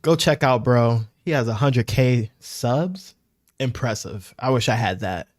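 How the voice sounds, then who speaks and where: A man's voice: medium pitch, a little slow, no room sound. A man talking casually over a clip he is reacting to, teasing and goofing around with mock voices. His voice sits in a middle register. The sound is dry and close, with no room around it. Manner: animated, mocking voices for imagined streamers. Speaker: reaction streamer.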